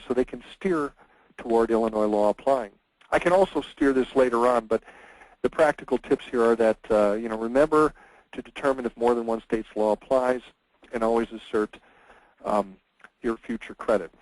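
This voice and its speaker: A male lawyer leads a webinar lecture in a conversational way, often pausing on fillers. His voice sits at an ordinary pitch and sounds dry and close, with no room echo. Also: steady tone, darkish tone.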